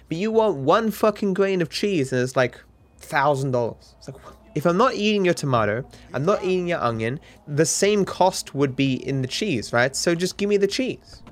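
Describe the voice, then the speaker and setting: Dry-humored Australian man, rambling casually. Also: fairly high pitch. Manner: dry deadpan joking, meandering with restarts. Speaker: streamer answering viewer questions.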